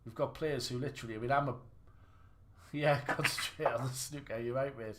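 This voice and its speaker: A man's voice: mid-range voice, fairly even intonation, moderate pace, background noise. Chatty self-mocking man streaming. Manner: chatty, self-deprecating, rambling with restarts. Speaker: gaming livestreamer. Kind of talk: casual live commentary while playing.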